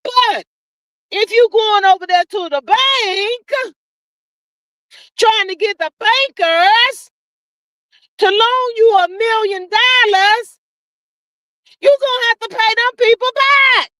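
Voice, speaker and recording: A woman's voice: extremely high pitch, takes it slowly, pauses often, sharp tone, no echo. A woman hosting a casual livestream, reading out chat comments in a drawling, sassy, preachy way. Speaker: livestream host.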